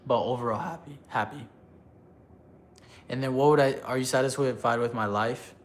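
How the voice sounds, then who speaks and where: A man casually chatting on a live stream, reading chat aloud, loose and joking, laughing often. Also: medium pitch. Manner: halting when he switches languages.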